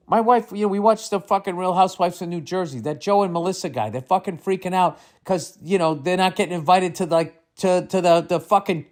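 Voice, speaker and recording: A man hosting a comedy advice podcast, ranting with lots of swearing and exasperated outbursts that drop into mutters. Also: high-pitched. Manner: swearing, exasperated, swings between loud and muttering. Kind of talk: profane comedic rant.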